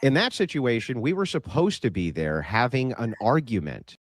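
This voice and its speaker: Lively, insistent male debater. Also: medium pitch, no echo. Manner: measured, insistent, asks to finish. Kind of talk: debate argument.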